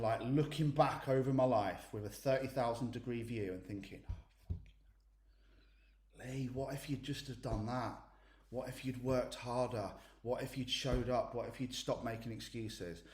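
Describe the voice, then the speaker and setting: A man coaching a group on mindset, talking bluntly and with emphasis and swearing without a second thought. His voice sits at an ordinary male pitch, and the recording carries a noticeable roomy echo. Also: darkish tone. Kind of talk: motivational coaching session.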